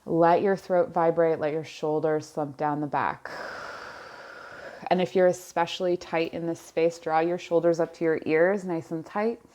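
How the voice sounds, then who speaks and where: A woman with a low voice gives a tarot reading into a close mic, wearing headphones. She talks slowly and softly. She pauses often as she searches for the next word. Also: fairly even intonation. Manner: slow, soft-spoken, searching pauses. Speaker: tarot reader. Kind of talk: pick-a-card tarot reading.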